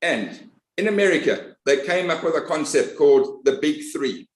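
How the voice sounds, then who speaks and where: A man, hosting and introducing a guest with warm praise. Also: a little high, lively intonation, moderate pace. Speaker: host. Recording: roomy echo.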